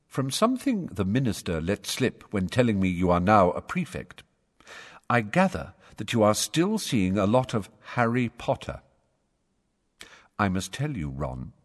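A man's voice: mid-range voice, in a large hall. A man reading out a stern letter in the voice of a pompous, self-important young man.

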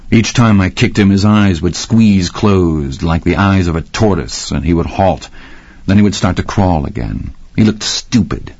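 A man's voice: low-pitched, creaky, a little mellow, breathy edge, dry recording. A man narrating a gritty first-person story with dramatic storytelling. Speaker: audiobook narrator. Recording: slightly muffled dry audio.

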